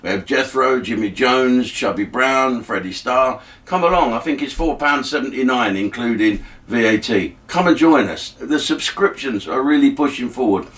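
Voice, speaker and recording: A man's voice: mid-range voice, animated, moderate pace, hardly any pauses, fairly bright tone, recorded from a distance. An older man, hosting a casual comic monologue in a wry, rambling way full of fillers and restarts. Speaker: host. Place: by the water.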